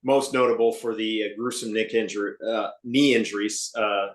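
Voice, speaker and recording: A man's voice: fairly low pitch, steady tone. Dry-humored man reading podcast news. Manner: dry, measured, many uh fillers. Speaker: podcast news segment co-host. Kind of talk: casual fan podcast news report. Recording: echoey room.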